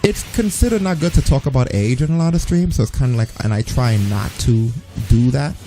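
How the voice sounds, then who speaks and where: A man's voice: medium pitch, fairly quick, mellow, soft background music, rough recording. A man with a New York accent, a streamer talking bluntly and profanely in a casual gaming chat, often mocking people in put-on voices. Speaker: streamer and co-host.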